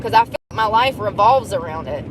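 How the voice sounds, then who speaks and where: A woman's voice: medium pitch, expressive, fairly quick, background noise. A woman chatting casually while driving, profane and laughing often. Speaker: vlogger. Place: car.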